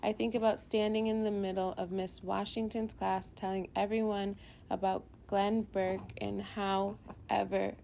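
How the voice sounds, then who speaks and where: Female audiobook narrator, reflective and even; mellow tone, gravelly fry, faint hiss. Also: mid-range voice. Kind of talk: first-person scripted narration.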